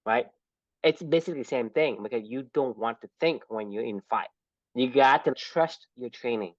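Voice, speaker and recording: A man's voice: medium pitch, normal speed, dry recording. A man co-hosting a podcast in a casual book discussion, reflective and laughing often. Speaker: podcast co-host. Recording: dull lo-fi dry sound.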